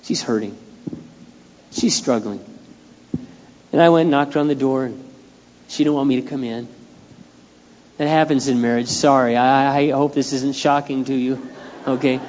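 A man's voice: medium pitch, fairly even intonation, normal speed, long pauses. Candid middle-aged male pastor preaching. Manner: candid and conversational, swinging from quiet asides to loud outbursts. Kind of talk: sermon. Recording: dull lo-fi sound with long hall reverb.

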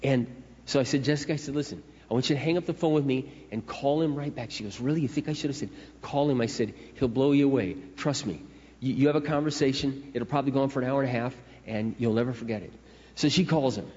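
A man's voice: medium pitch, quick pace, a little mellow. A middle-aged man preaching a sermon in a conversational, storytelling way. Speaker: pastor. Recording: echoey hall, dull lo-fi sound.

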